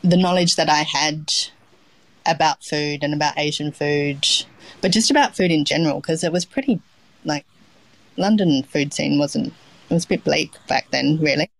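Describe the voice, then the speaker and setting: A woman's voice: low voice, normal speed, creaky, no echo, poor audio. Australian woman chef, rambling chat. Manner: rambling, with many ums and restarts. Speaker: chef, guest. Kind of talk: casual interview chat.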